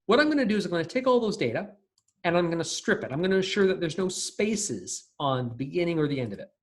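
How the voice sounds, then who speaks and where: With a fairly high, sing-song voice and a quick pace, a male lecturer runs a recorded programming lesson, thinking out loud informally and often restarting or using fillers.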